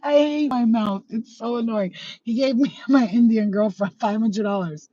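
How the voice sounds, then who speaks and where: A woman hosting her channel, telling stories to viewers in a profane, laughing, animated way. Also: fairly high pitch, moderate pace, dry recording, lo-fi sound. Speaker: channel host. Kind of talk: casual storytelling to viewers.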